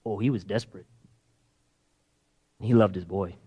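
A man preaching a sermon, retelling a Bible story and acting out the characters' pleas, dropping to a hush and then rising loud. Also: fairly low pitch, moderate pace, slightly rough, dull audio. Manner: animated, acts out quoted pleas in hushed then loud voices.

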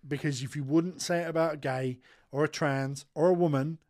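A man in his thirties hosts a casual studio podcast. He talks in blunt, sweary, animated banter with a slightly high voice. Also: a little fast. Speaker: podcast host. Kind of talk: casual chat.

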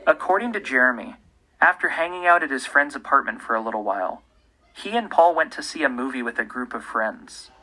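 A man, the host, giving scripted true-crime narration in a measured, pointed way. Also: mid-range voice, lively intonation, sharp tone, low-quality recording. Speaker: podcast host.

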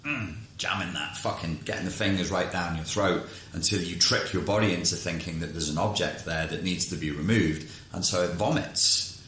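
A man's voice: low-pitched, normal speed, a bit bright, reverberant, slight background noise. A man who coaches clients, talking frankly in a casual monologue and swearing freely.

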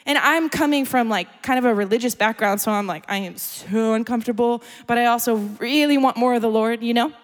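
A young adult woman giving a sermon as a story, chatty and animated, laughing often. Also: a little high, brisk, hardly any pauses. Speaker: speaker. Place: church gathering hall. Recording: long hall reverb.

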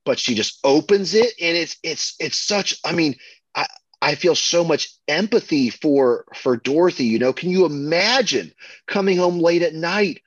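A man co-hosting a podcast, chatting casually and excitedly about a film, full of fillers and restarts. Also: a little high, husky, no echo, highs cut off. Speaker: podcast co-host.

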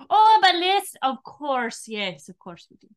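A vain, showy space captain, played by a woman, full of lavish, pompous theatrics. The voice sits fairly high and swoops up when he is excited. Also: moderate pace, close to an everyday voice.

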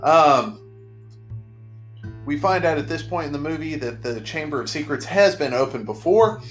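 A man's voice: a little high, lively intonation, moderate pace, faint music behind. A man hosting a casual comedic movie recap with sarcastic joking asides. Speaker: podcast host recapping a movie.

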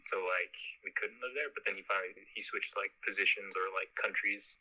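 A man's voice: sits low, fairly even intonation, a little fast, pushed and bright, husky, rough recording. A young man as a podcast guest, telling rambling stories in casual chat, laughing and swearing.

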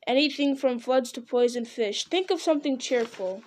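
A woman's voice: sits high, moderate pace, a little mellow, close to an everyday voice. A woman reading aloud, voicing townsfolk who tease a gloomy neighbor. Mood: teasing. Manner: teasing, dismissive.

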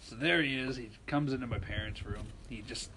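A man in his twenties telling a rowdy party story on a podcast, laughing often and shouting out the lines he quotes. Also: medium pitch, fairly quick, slight background noise. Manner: animated, laughing, acts out quoted lines loudly. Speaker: podcast co-host. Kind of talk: casual storytelling among friends.

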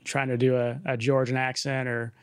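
A man's voice: medium pitch, level tone, moderate pace, clear, resonant tone, no echo, clean studio sound. An American man chatting casually as a podcast co-host in a laid-back way. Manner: easygoing, laid-back, says "dude". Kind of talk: casual chat.

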